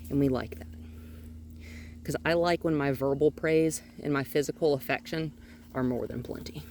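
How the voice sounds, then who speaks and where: A woman working as a dog trainer, calmly explaining her methods during a hands-on outdoor session and often breaking off to praise the dog. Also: deep voice, moderate pace, a little hiss or hum. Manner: calm and explanatory, with frequent cheerful praise for the dog. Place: outdoors near a gate with a noisy HVAC unit.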